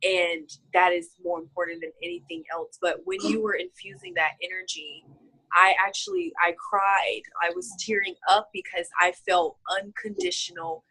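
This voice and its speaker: A woman's voice: fairly low pitch, moderate pace, bright, forceful tone, husky, low-quality recording. A woman being interviewed about her healing, speaking heartfelt and choked up, with many fillers. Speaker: healing client. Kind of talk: casual video-call interview.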